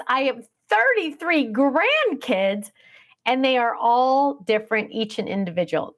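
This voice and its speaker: A woman's voice: fairly high pitch, very animated, moderate pace. Chatty middle-aged woman, livestream host. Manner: chatty, rambling, reads viewer comments aloud. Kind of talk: casual livestream chat.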